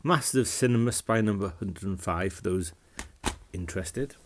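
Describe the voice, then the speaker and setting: A man with a fairly low voice gives a casual film review vlog. He talks to camera in a relaxed, rambling way. He often repeats words and restarts sentences as he goes. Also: normal speed, slight background noise.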